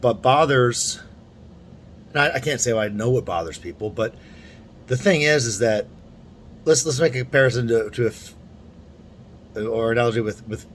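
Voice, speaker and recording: A man's voice: medium pitch, a little hiss or hum. Rambling young man musing to camera. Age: young adult. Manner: rambling, halting, with many restarts and asides. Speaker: vlogger. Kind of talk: casual opinion monologue.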